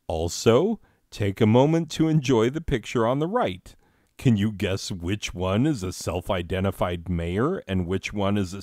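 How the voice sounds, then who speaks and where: A man's voice: fairly low pitch, darkish tone, no echo, studio quality. A man hosting a comedic year-in-review monologue, full of sarcastic, mock-serious asides. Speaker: host.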